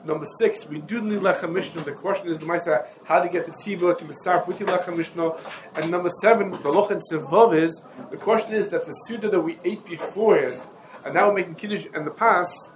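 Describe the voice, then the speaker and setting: A man giving a halachic lecture, running through rabbinic sources in quick succession and posing questions to his listeners. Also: sits high, background noise. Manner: explains rapidly, listing rabbinic sources and quizzing listeners. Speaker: Torah teacher.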